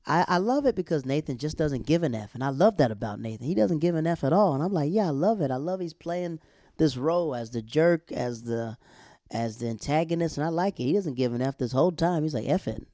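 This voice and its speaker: A man casually recapping a TV episode, animated and slangy, acting out the characters' lines as he goes. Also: a little high, a little fast, no echo, studio quality. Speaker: show recapper.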